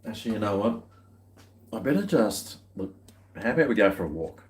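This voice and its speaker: Man, low voice, rambling casual vlog chat, chuckling asides. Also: sing-song, brisk. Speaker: vlogger. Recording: echoey room.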